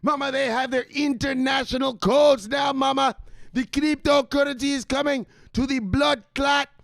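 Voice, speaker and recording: A man putting on a frantic, over-the-top voice of a grown son shouting excitedly to his mother, in a shrill and repetitive way. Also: normal speed, gravelly, no room sound, exaggerated voice. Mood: ecstatic.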